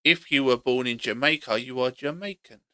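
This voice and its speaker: A man's voice: mid-range voice, normal speed, bright, forceful tone, clean tone, no echo. A man giving a blunt, opinionated monologue for his vlog, hammering the same points over and over. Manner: blunt, argumentative, repeats points. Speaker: opinion vlogger.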